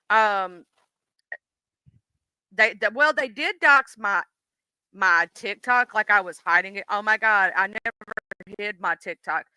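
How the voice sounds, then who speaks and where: Talking straight to her chat, a Southern US-accented livestream host swears freely and speaks bluntly in a casual stream. Her voice runs a little high, sharp yet clean in tone, and the dry recording has poor audio.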